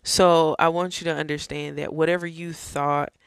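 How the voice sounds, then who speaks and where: A woman's voice: sits low, little pitch movement, normal speed, creaky, clear, resonant tone, no room sound, clean studio sound. A woman giving an earnest, casual personal faith testimony, talking to her viewers as y'all and friends. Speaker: faith vlogger.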